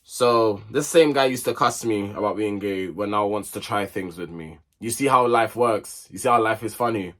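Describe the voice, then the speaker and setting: A man's voice: fairly low pitch, normal speed, hardly any pauses. A young man telling a personal story in a chatty, digressive, slang-filled way. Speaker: vlogger. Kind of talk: casual storytime chat.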